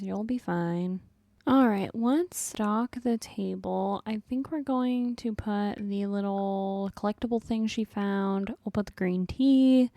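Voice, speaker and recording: A young woman chats her way through a life-sim game in a relaxed, upbeat tone, talking straight to her viewers. Her voice is mellow and soft-edged. The sound is dry and close, with almost no room around it. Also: mid-range voice, vocal fry, no room sound. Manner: chatty, upbeat, talks to viewers as "guys" and "y'all". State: has the hiccups. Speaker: gaming channel host. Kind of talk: casual gameplay commentary.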